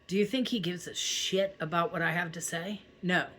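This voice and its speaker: A woman hosting her own channel speaks to camera in a slightly low voice. She talks casually and from the heart, steady and reassuring, and keeps checking in with her viewers. Her delivery is direct and conversational rather than polished. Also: normal speed, slightly rough. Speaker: spiritual channel host.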